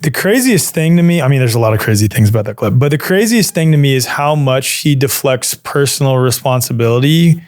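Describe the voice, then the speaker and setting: A man's voice: mid-range voice, lively intonation, a little fast, hardly any pauses, darkish tone, no echo. Guy hosting a podcast, keeps nodding along with yeahs, dry sound. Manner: engaged, affirming, asks follow-ups. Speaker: podcast host. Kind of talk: casual interview.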